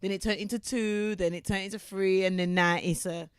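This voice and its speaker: A woman's voice: mid-range voice, a little fast, clear, resonant tone, no room sound. Chatty woman co-host, dry close sound. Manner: animated storyteller who acts out quotes. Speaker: podcast co-host. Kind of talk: casual chat, retelling gossip.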